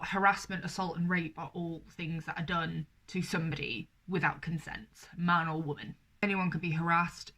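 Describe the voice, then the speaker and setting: A woman's voice: fairly low pitch, pushed and bright. Blunt, emphatic young British woman. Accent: British English. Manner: blunt, emphatic, swears freely. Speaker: vlogger. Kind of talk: opinion vlog to camera.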